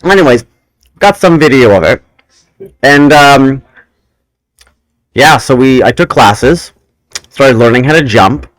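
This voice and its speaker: A young man chats casually as the host, his pitch swinging widely as he wanders through a story and trails off on tangents. The sound is close and dry, with no room around it. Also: expressive, takes it slowly, long pauses, a bit bright, no echo, rough recording. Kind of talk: casual chat.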